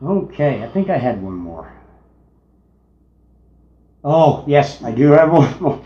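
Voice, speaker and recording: A man co-hosting a casual movie review, unhurried, sharing trivia. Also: medium pitch, big pitch swings. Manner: unhurried, shares trivia tidbits. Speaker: podcast co-host. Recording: echoey room, dull lo-fi sound.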